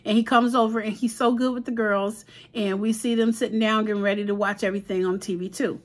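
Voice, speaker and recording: A woman recapping a crime drama episode in a chatty, animated way, slipping into the characters' quotes with casual slang. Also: mid-range voice, fast talker. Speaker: TV episode reviewer.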